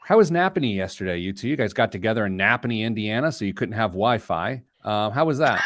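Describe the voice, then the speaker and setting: A man's voice: fairly low pitch, fast. A man hosting a talk show, telling stories and joking in casual banter. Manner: animated joking storyteller. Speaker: host.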